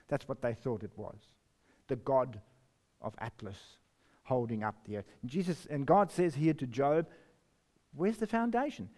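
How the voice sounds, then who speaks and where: A man preaching a sermon, reading scripture slowly and emphatically, with sudden rises and drops in his voice. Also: mid-range voice, dark tone. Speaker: pastor.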